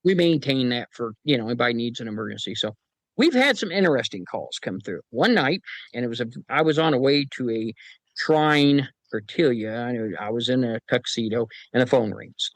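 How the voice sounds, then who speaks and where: Here a medium-pitched man talks at a moderate pace with lively intonation, recorded dry and with poor audio. Being interviewed on a podcast, he shares folksy anecdotes about his paranormal team, voicing the characters in quotes and chuckling.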